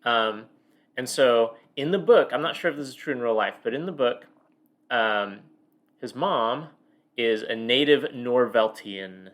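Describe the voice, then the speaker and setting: A man's voice: medium pitch, measured pace, fairly bright tone. A man co-hosting a book podcast in a casual chat, talking in long loose sentences full of fillers and restarts. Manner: rambling, many fillers and restarts. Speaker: podcast co-host.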